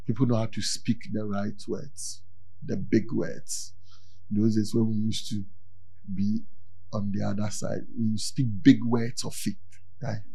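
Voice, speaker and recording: A man preaching a sermon in an animated way, repeating key words and rising to near-shouts for emphasis. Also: mid-range voice, creaky, breathy edge.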